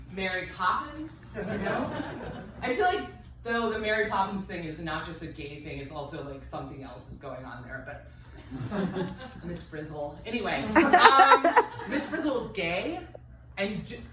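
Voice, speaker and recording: A woman's voice: mid-range voice, fairly bright tone, slight background noise. A woman in her thirties doing a live stand-up comedy set, chatty and self-deprecating, with lots of fillers and asides. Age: 30s. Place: comedy stage before a laughing audience. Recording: roomy live venue mic with distance and crowd laughter.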